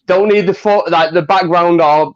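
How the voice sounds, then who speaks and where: A man's voice: high voice, steady tone, normal speed, lo-fi sound. A man arguing hard and swearing in a casual podcast chat. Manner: heated, swears, argues hard.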